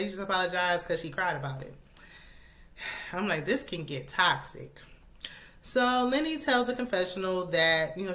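Woman, recap host, fairly low pitch, bright edgy tone, casual and opinionated. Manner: chatty and opinionated, laughs often. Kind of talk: casual reality show recap.

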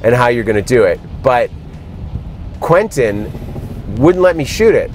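A man telling animated stories as a guest in a moving car, acting out quotes in other voices. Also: mid-range voice, measured pace, slight background noise. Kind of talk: casual storytelling in a car.

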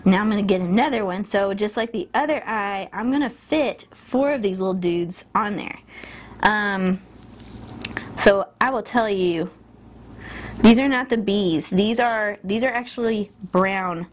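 There's a faint hiss or hum as a woman of medium pitch speaks somewhat slowly while recording her own lash tutorial at a mirror indoors. A beauty vlogger by trade, she chats in a relaxed way, stopping mid-thought and chuckling at her mistakes as she goes.

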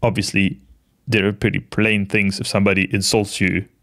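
Gentle halting man in his late twenties. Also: on the low side, flat delivery, vocal fry. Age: late 20s. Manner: gentle, halting, many restarts and soft laughs. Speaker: vlogger. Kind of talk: casual reflective monologue.

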